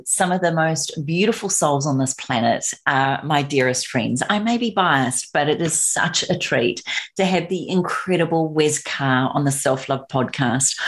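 A woman's voice: low-pitched, slightly rough. A woman hosting an interview podcast, gushing and full of compliments for her guest. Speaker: podcast host.

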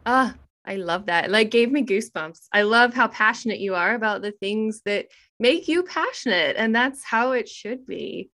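A woman's voice: a little high, lively intonation, moderate pace, a bit bright. A woman hosting a podcast interview, effusive and encouraging toward her guest. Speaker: podcast host.

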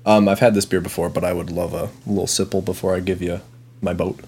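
A man's voice: low-pitched, little pitch movement, quick pace, a little mellow, a little hiss or hum. A man hosting a casual beer podcast with friends, playful and goofy. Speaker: podcast host. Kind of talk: casual chat about beer.

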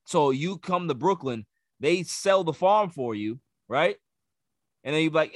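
A man's voice: fairly high pitch, animated, a little slow, dry recording, clean studio sound. A man hosting a sports podcast, ranting emphatically and repeating words as he builds each point. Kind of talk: casual sports talk.

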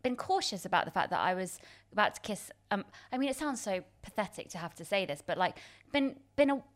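A woman's voice: medium pitch, lively intonation, brisk. Self-mocking woman telling a story. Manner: self-deprecating, laughs often, many restarts. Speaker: guest. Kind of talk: casual chat.

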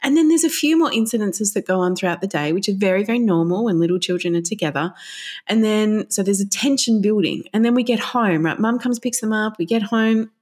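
Middle-aged parenting counsellor, warm storyteller; slips into character voices for parents and kids. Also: female voice, medium pitch, brisk. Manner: vivid storytelling, briefly acting out parents and children in raised voices. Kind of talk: explaining in a podcast interview.

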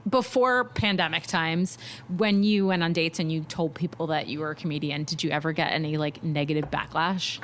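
A woman's voice: deep voice, fairly even intonation, moderate pace, fairly bright tone, slight background noise. A woman hosting a casual interview, asking questions and reflecting earnestly on the guest's story. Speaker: podcast host, interviewer.

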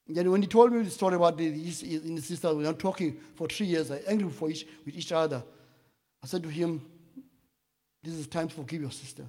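A man sharing a personal testimony in church, halting with many restarts and fillers, rising to loud emphatic bursts. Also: a little high. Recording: echoey hall with long reverb.

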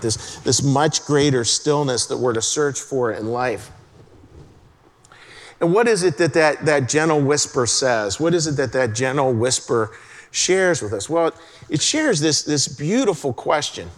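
A man preaching a sermon as a pastor, chatty and conversational, dropping into a soft hush to stress a point. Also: mid-range voice, lively intonation, unhurried. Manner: conversational, drops to a hush for emphasis. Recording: long hall reverb.

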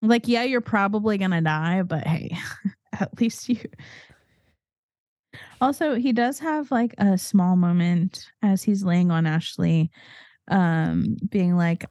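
Woman, co-host, chatty movie recap, mellow tone, dry close recording. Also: on the low side, slow, no room sound. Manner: chatty, animated retelling, swears freely. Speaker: podcast co-host. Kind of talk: casual movie recap chat.

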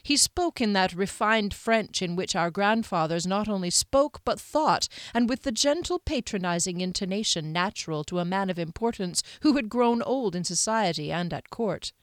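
A woman's voice: medium pitch, expressive, normal speed, few pauses, no room sound. Woman reading a story, dry sound. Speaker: audiobook reader. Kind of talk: audiobook narration.

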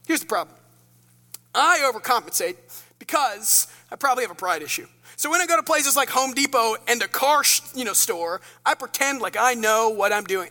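Self-mocking pastor preaching, bright voice. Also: male voice, very high voice. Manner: self-deprecating storytelling, animated asides. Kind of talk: sermon. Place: church sanctuary. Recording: church hall reverb.

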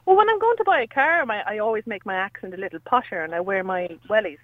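Fast-talking Irish woman on a phone line. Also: medium pitch, animated. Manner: chatty, storytelling. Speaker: caller. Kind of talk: phone-in chat.

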